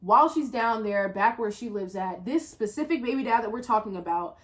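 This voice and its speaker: A woman telling a personal story in a casual storytime vlog, slangy and profane, swinging from low muttering to loud exclamations. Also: lively intonation, a little fast. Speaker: storyteller vlogger.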